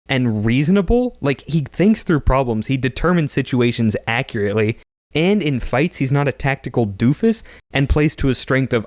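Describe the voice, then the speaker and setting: A man's voice: mid-range voice, expressive, normal speed, darkish tone, no echo, clean studio sound. A man co-hosting a podcast, recapping a story in casual chat, laughing often and slipping into character voices.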